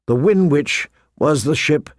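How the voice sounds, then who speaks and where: A man narrating a fantasy audiobook in a steady, measured storytelling voice. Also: on the high side, no echo, clean studio sound.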